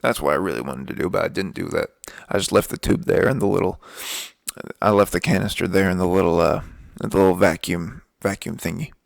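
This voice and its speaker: Here a young male podcast host tells stories as a laid-back, profane, ranting monologue. The voice is deep and creaky, a little fast, with no echo.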